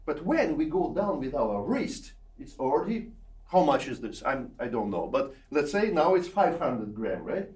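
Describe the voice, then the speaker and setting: Animated male piano teacher, far off in a roomy hall. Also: a little high, normal speed. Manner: coaxing, checks in with 'yeah?' and 'eh?' often, sings phrases to show them. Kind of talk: masterclass teaching. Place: recital hall or studio with a piano.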